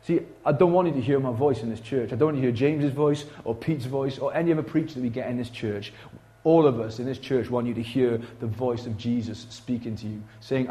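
Animated preacher, man. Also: medium pitch, a little fast. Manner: conversational, animated preaching with big swings in loudness. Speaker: pastor. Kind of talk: sermon. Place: church.

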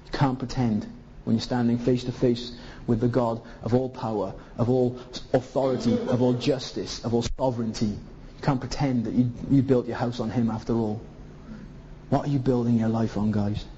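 A man's voice: mid-range voice, steady tone, normal speed, warm tone, slight background noise. A man from Zimbabwe preaching a sermon, pleading with his listeners through a stream of rhetorical questions. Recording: dull lo-fi recording.

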